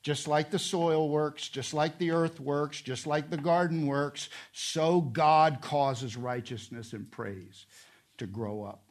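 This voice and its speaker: A man preaching a sermon, repeating his points and asking rhetorical questions, swinging from quiet to loud and emphatic. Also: a little high, slow pace. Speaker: pastor.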